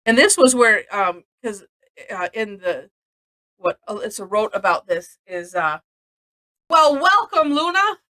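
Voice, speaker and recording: A woman's voice: medium pitch, measured pace, pushed and bright, rough recording. A woman from Missouri teaching a live-streamed drawing lesson, chatty and rambling, often laughing between steps.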